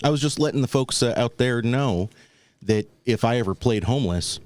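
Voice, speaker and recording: Lively intonation and a darkish tone define this medium-pitched male voice, speaking at a normal speed with no room sound. As a podcast host, he tells a rambling, wry story in a casual comedic way, performing the voices of those he quotes.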